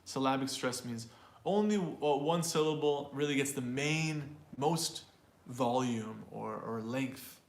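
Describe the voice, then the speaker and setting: A man's voice: medium pitch, unhurried, few pauses, reverberant. A man teaching an online English pronunciation class. He explains in a talkative way and often repeats or restarts words.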